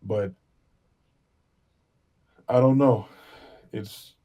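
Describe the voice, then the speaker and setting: A man playing a grieving adventurer who speaks haltingly, searching for words. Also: lowish voice, fairly even intonation, dull audio. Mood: troubled. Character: grieving young adventurer haunted by a lost friend.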